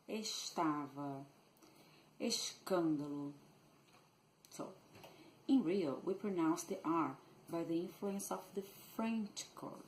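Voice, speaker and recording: A woman's voice: on the low side, a little mellow, slight background noise, rough recording. A woman from Rio de Janeiro state with a Brazilian Portuguese accent, teaching a Portuguese lesson and carefully demonstrating pronunciations. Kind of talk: language lesson.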